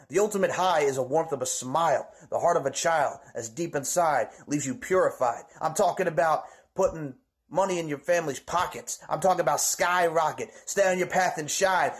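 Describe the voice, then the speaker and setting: A man cutting a theatrical wrestling promo, boastful and rhyming, swinging between loud hype and low growls. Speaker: amateur wrestling promo performer.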